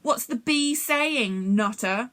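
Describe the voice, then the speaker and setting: A woman's voice: fairly high pitch, expressive, fairly bright tone, pitched above the performer's own voice. A woman voicing mean schoolboy bullies who sneer and mock. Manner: sneering and mocking, slow and drawn out.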